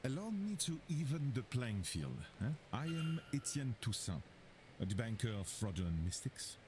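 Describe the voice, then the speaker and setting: A man voicing a formal banker in a video game, speaking in a polite, measured way. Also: mid-range voice, sing-song, darkish tone, a little hiss or hum, natural voice. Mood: courteous. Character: suave French male banker, formal.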